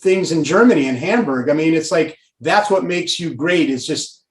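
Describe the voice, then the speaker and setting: A man in his sixties from Pasadena, a guest telling stories in a rambling, animated way with lots of fillers. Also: on the high side, moderate pace, roomy sound. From Pasadena, California. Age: 60s. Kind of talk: casual storytelling.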